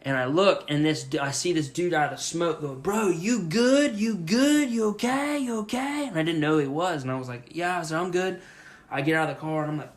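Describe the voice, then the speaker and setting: A young man co-hosting a podcast, telling a story casually and with lots of swearing, shouting out the lines he quotes. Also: on the high side, fast talker. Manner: profane, animated retelling with loud shouted quotes. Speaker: podcast co-host.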